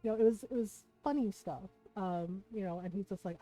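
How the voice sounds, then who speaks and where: A woman's voice: medium pitch, brisk. A woman streamer, chatting casually and emotionally to her viewers, close to tears and full of fillers. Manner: emotional, many fillers and "right?" asides. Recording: dull lo-fi stream audio with soft music.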